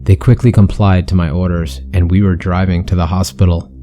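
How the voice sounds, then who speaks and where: A man's voice: low voice, little pitch movement, a little fast, mellow, faint music behind. A man narrating a first-person horror story with an intense, brooding delivery.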